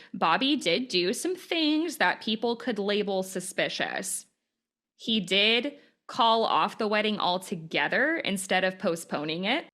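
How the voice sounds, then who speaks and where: A woman's voice: mid-range voice, pushed and bright. A woman hosting a podcast, recounting case details in casual chat with plenty of fillers. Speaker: podcast host. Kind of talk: casual true-crime chat.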